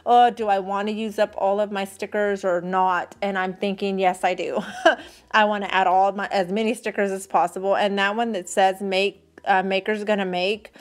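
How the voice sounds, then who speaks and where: A woman's voice: medium pitch, little pitch movement, normal speed. Chatty Texan woman vlogging. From Texas. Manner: chatty, rambling, thinks aloud. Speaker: planner vlogger. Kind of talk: casual chat while decorating a planner.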